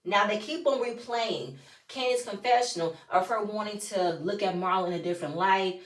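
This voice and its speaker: A woman's voice: mid-range voice, moderate pace. Woman, casual TV recap, blunt, profane, sassy, echoey room, distant mic. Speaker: reality TV reviewer. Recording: roomy, voice from a distance.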